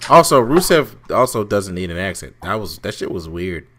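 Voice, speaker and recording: Low slangy guy on a podcast, voice bounces all over, bit of mic noise. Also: big pitch swings, normal speed, a bit bright. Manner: slangy, laughs often. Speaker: podcast co-host. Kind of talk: casual chat.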